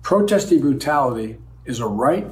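A man's voice: mid-range voice, big pitch swings, moderate pace, slight background noise, low-quality recording. A man giving a formal political statement in an earnest, solemn manner.

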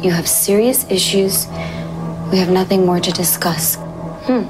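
A woman's voice: mid-range voice, a little slow, natural voice. An actress playing an angry woman reading out harsh breakup emails, in a clipped, final manner. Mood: cold. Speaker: movie clip. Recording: movie clip under loud music.

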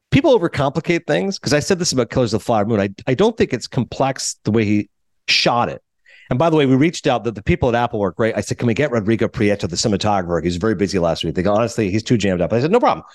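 A man co-hosting a talk show, retelling interviews in a quick, animated casual chat and acting out quotes in higher voices. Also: dry recording, studio quality. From New Jersey. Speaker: radio show co-host.

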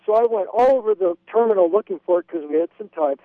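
A man's voice: high-pitched, quick pace, dry recording. A man from Wyoming calling in to a radio show, eagerly retelling a travel story and acting out the quotes. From Wyoming, USA. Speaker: caller. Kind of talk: phone-in storytelling. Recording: tinny phone line.

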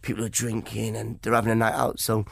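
A man talks fast and loose as an interview guest. He tells stories and drops into other people's voices along the way. The sound is dry and close. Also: lowish voice, monotone, gravelly, no room sound. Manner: chatty storytelling, acts out quoted voices. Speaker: comedian guest. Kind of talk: casual interview chat.

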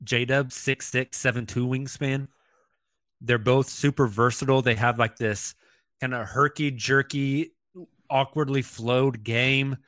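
A man co-hosting a podcast, talking in a chatty, animated way with quick asides. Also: mid-range voice, no room sound, clean studio sound. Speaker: podcast co-host. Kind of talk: casual sports chat.

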